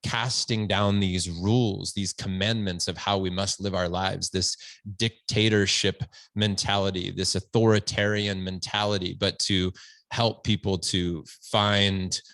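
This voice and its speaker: His voice sits low and his delivery is flat and unhurried, slightly bright, with no echo. As an earnest, reflective podcast guest in a conversational interview, standing at home, he often restarts what he's saying.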